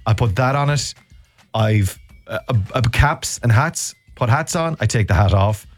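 Male radio host, mid-pitched, rambling and self-deprecating, blunt with callers; music bed underneath. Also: expressive, moderate pace. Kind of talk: casual radio chat.

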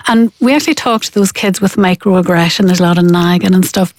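A woman's voice: lowish voice, fairly quick, no room sound. A woman, a parenting expert explaining her methods in an interview, acting out the parents she quotes. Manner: animated, acts out quoted parents.

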